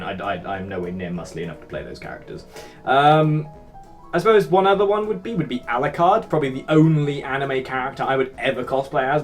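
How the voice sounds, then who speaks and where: A young English man hosting his own channel, answering viewer comments in rambling, self-mocking casual chat with casual swearing. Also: mid-range voice. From Britain. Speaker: YouTube host.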